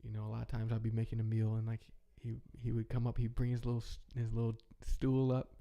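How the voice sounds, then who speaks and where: A man's voice: mid-range voice, completely flat delivery, fast talker, creaky, warm tone, dull audio. A young man talking in a rambling, heartfelt way, chatting casually as a podcast host. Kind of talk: casual reflective chat.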